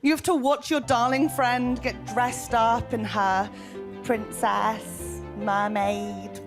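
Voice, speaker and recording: Young female stand-up, exasperated and wry, slightly high voice, heavy music under her. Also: steady tone, slow pace. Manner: wry, exasperated, laughs between lines. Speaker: stand-up comedian. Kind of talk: stand-up comedy set.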